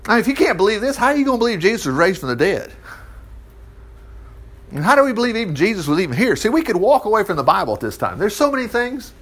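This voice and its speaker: A man teaching from the Bible in a loose, conversational way, his voice sitting a little high and swinging widely from low mutters to excited peaks. He reads a verse, then stops to quiz his listeners and joke around before carrying on. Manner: animated, chatty, asides and rhetorical questions. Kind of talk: informal Bible study teaching.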